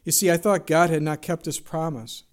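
A man's voice: fairly high pitch, fairly even intonation, normal speed. A man preaching a sermon, telling an illustrative story with earnest delivery and quoting scripture. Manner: earnest storytelling, quotes scripture, asks rhetorical questions.

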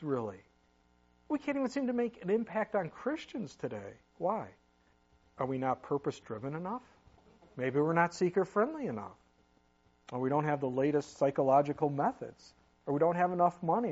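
A man's voice: fairly high pitch, a little mellow, husky, dull audio. A middle-aged man preaching a sermon in a conversational way, with asides and sudden emphatic rises. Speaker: pastor.

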